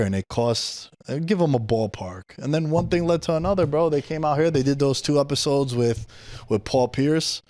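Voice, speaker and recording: A man's voice: on the high side, normal speed, darkish tone, dry recording, clean studio sound. A man with a New York accent, hosting a podcast and telling a story in casual, slangy talk, swearing freely. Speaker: podcast host. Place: podcast studio.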